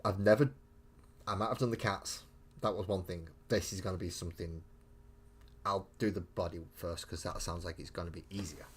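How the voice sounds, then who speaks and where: A man's voice: low voice, fairly even intonation, moderate pace, slightly rough. A man chatting casually and rambling with mild swearing as he live-streams painting miniatures.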